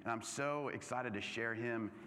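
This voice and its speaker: A man, a pastor, introducing a guest priest to his congregation in a quick, friendly way. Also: medium pitch, sharp tone. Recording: long reverb from a church hall.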